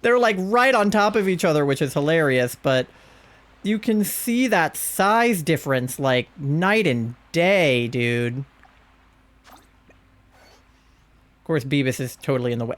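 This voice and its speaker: A young man streaming a game live, gushing excitedly and cooing over cute creatures in casual commentary. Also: a little high, measured pace, pauses often.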